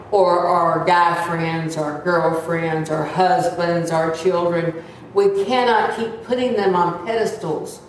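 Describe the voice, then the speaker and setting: A woman in her seventies teaching Sunday school, earnest and chatty, sometimes acting out whiny voices. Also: lowish voice. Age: 70s. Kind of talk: sermon. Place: church room. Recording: echoey room, mic at a distance, faint noise.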